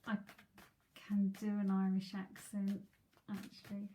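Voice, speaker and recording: A woman's voice: medium pitch, monotone, a little slow, warm tone, slight background noise. An English woman giving a live tarot reading from home, chatty, talking to viewers by name and often repeating her words. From England. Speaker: psychic tarot reader.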